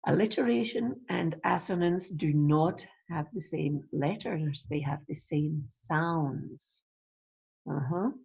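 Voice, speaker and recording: A woman teaching a live online English lesson, explaining step by step, checking in with "okay", and saying tongue twisters and rhymes in a slow sing-song. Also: sits low, vocal fry, breathy edge, lo-fi sound.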